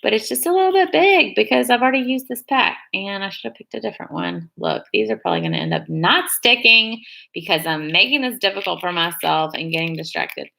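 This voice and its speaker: A woman's voice: mid-range voice, animated, brisk, gravelly, pushed and bright. A young woman chatting casually on a live stream, rambling and hedging as she works on her nails. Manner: rambling, chatty, hedges a lot. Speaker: beauty vlogger on a live stream. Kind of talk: casual chat while doing her nails.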